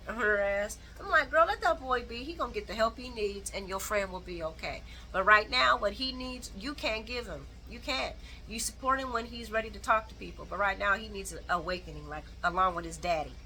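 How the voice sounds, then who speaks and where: Bright-voiced woman recapping, blunt and animated. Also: mid-range voice, slight background noise, rough recording. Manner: animated, blunt, colloquial, with mocking asides. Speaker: soap opera recap host. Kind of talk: casual chat recap.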